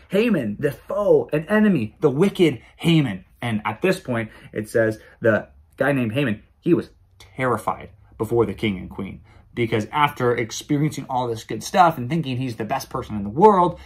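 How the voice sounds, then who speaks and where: A man's voice: medium pitch, animated, normal speed, husky. A man hosting a daily Bible reading video, retelling scripture in a chatty, casual way. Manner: chatty, with many fillers and restarts.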